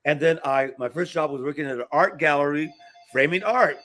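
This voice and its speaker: A man's voice: a little high, a little fast, a bit bright, soft background music. A man in his sixties, a talk show guest telling long rambling anecdotes with many fillers and restarts, acting out the voices of the people in his stories. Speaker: guest performer. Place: restaurant, live broadcast.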